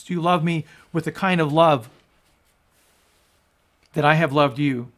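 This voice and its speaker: A male pastor giving a sermon and reading scripture, emphatic and rising to loud peaks on quoted lines. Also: fairly high pitch, unhurried, long pauses. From United States.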